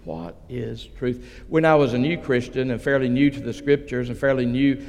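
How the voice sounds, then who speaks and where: A man preaching a sermon as pastor, retelling a story slowly and dramatically with voiced quotes. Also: mid-range voice, fairly even intonation, a little mellow, big-room sound.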